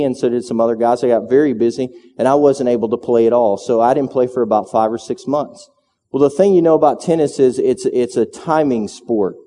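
A man's voice: medium pitch, mellow. A man preaching a sermon, moving from conversational storytelling into fervent preaching. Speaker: pastor. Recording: long hall reverb.

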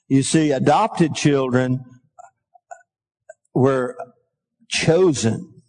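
A middle-aged pastor with a medium-pitched, darkish voice preaches a sermon on a rough recording. He reads scripture aloud and calls on the congregation, his voice lifting into a sing-song lilt when he's stirred.

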